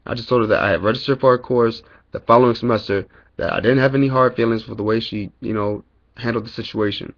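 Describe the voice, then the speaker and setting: A man's voice: medium pitch, fairly even intonation, fast talker, highs cut off. A young man telling a long, angry story about college in a casual vlog, swearing a lot and rambling with fillers. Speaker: college student vlogger.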